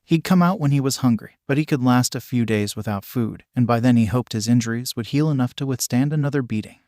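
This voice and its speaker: Man, story narrator, mid pitch, dry close sound, steady earnest reading. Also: fast talker, no room sound. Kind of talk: fan fiction story reading.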